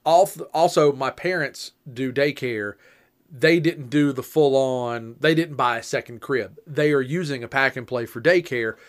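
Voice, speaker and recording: A man's voice: mid-range voice, unhurried. A man and young father chatting about parenting, explaining things point by point with dry humor. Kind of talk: casual chat about parenting.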